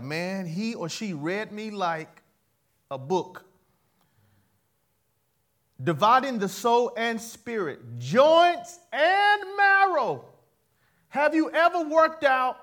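A man preaching a sermon, leading the congregation in call-and-response, moving between soft asides and loud emphatic lines, laughing at his own jokes. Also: sits high. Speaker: pastor.

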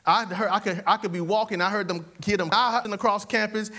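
A man preaching a lively sermon, animated and repetitive, leading call-and-response and laughing often. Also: high-pitched, a little fast, hardly any pauses.

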